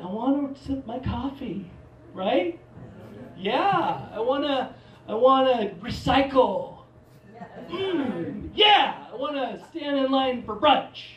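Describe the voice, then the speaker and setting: A man's voice: very high-pitched, muffled recording, a little hiss or hum. A man from Portland doing a stand-up comedy set, rambling and self-mocking with many restarts. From Portland, Oregon. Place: theater stage. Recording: live theater mic, roomy, from a distance.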